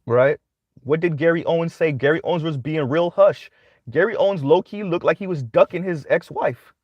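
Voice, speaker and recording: A man's voice: a little high, normal speed, no echo, highs cut off. A man hosting a commentary channel, giving a casual monologue that keeps checking in with "right?". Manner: conversational, repeats "right?" often.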